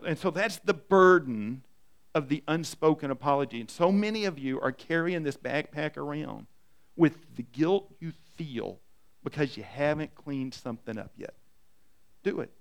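A middle-aged man, a pastor, preaching an emphatic, story-driven sermon. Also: on the high side. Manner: emphatic, animated storytelling with repetition.

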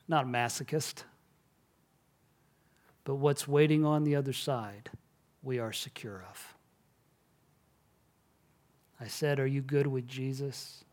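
Slow, earnest male pastor preaching. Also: mid-range voice. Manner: earnest, measured, drops to a hush at solemn moments. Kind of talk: sermon.

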